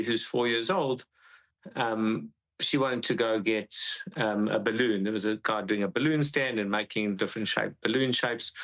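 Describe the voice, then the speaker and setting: A man recounting his experience in an interview, halting and repeating himself as he speaks. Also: mid-range voice, a bit bright, rough recording. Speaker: witness describing an attack. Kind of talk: interview account.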